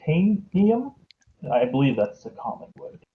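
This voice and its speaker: A man's voice: mid-range voice, normal speed. A man playing his character in a tabletop game, polite and playful. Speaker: player. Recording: dull lo-fi mic.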